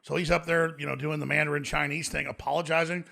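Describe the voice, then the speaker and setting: Fast gravelly ranting man. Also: fairly high pitch, level tone, sharp tone. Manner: ranting, emphatic. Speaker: podcast guest. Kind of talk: casual podcast chat. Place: podcast studio.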